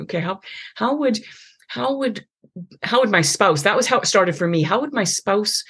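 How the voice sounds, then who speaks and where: A middle-aged woman talks earnestly, often checking in with a quick "right?" Her voice sits low with a gravelly edge. It has a husky grain. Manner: earnest, many restarts and tag questions. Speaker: podcast host. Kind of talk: conversational advice on faith and parenting.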